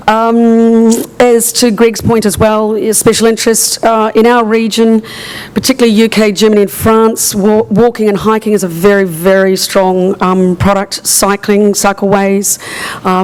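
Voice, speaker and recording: A hoarse woman with a partly lost voice, presenting at a conference in a casual, chatty way full of ums. Her pitch stays fairly flat and even throughout. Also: poor audio. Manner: chatty, many fillers. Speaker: tourism regional manager presenting.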